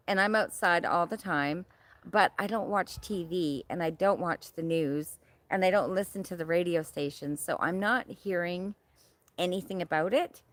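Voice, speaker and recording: A middle-aged woman from Canada hosting a casual livestream outdoors, chatting and reading viewer comments in a bubbly, hyper way. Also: mid-range voice. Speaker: livestream host. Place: outdoors in her yard.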